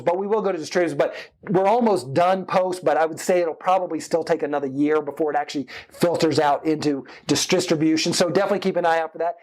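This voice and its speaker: A man's voice: on the high side, darkish tone. Chatty middle-aged man giving advice. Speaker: guest filmmaker. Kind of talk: casual interview chat.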